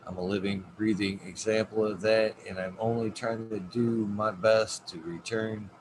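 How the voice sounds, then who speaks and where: A man's voice: fairly low pitch, flat delivery, moderate pace, noisy background. A man hosting a casual livestream podcast, laid-back and swearing freely as he talks to his chat. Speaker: podcast host.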